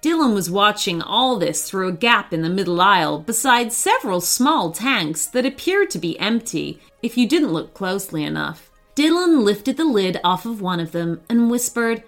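Animated woman reading a children's story. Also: medium pitch, moderate pace, few pauses, soft background music. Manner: expressive, animated.

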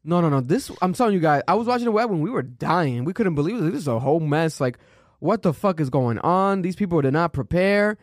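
A man co-hosting a casual show, swearing freely and mocking performances in animated commentary. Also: fairly high pitch, a little fast, no echo, studio quality. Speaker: co-host.

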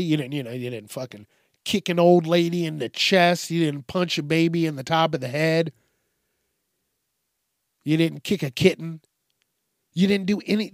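A man's voice: on the high side, no echo. Male podcast host, crude comedic ranter, dry close mic. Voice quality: crude, swearing constantly. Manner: animated, mock voices for quoted people. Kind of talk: profane comedic rant.

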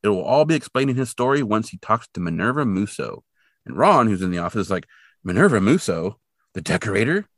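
Lively low-voiced man recapping a show. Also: fast talker, dry recording, clean studio sound. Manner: animated retelling, many fillers, briefly acts out quoted characters. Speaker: podcast co-host. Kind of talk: casual episode recap chat.

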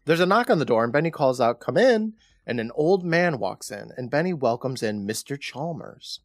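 Animated man recapping a horror episode. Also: mid-range voice, fairly quick, no echo, studio quality. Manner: chatty retelling with quoted lines. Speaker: podcast co-host.

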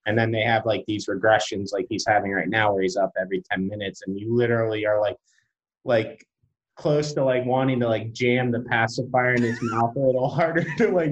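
Laid-back storytelling new dad. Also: male voice, medium pitch, lo-fi sound. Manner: laid-back storytelling, acts out his own thoughts. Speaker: podcast guest, new father. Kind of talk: casual chat.

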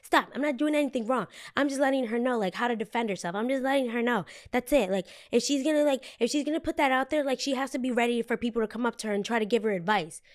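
A woman's voice: on the high side, fast talker, few pauses, voice pushed up, natural voice. A woman quoting a confrontational young woman in a blunt, insistent way while telling a story.

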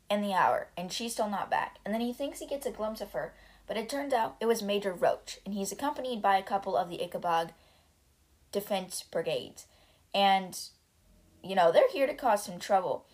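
Chatty young woman retelling a story. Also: mid-range voice. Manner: chatty, many fillers like "like" and "you know". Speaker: podcast host retelling a book. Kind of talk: casual book summary.

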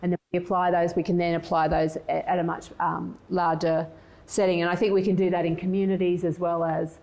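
Middle-aged woman, conference speaker, measured and reflective, lowish voice. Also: level tone, darkish tone, poor audio. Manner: measured, thoughtful, with frequent restarts. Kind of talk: conference presentation.

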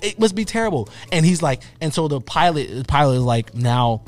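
A man in his thirties, co-hosting a podcast, telling a story in a casual, animated way and acting out what people said. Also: a little high, fairly quick, faint music behind. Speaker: podcast co-host.

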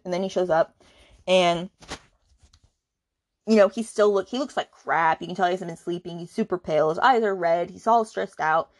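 A woman's voice: on the low side, moderate pace, dry recording, studio quality. Chatty woman recapping a book. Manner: chatty, many "like"s, indignant asides. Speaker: book podcast host.

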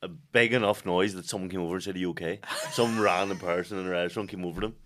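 A man's voice: deep voice, fairly even intonation, rapid-fire, fairly bright tone, slight background noise. A man, a guest on a podcast, talking in blunt, teasing banter. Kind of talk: casual chat.

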